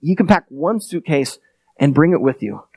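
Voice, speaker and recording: A man voicing God as calm and matter-of-fact in a joke within a sermon. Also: a little high, normal speed, vocal fry, dry recording, pitched below the performer's own voice, heavily acted.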